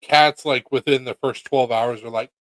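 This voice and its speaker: A man chatting casually about his cats, animated, profane and teasing. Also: medium pitch, moderate pace, no room sound, rough recording. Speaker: pet owner. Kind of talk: casual chat on camera.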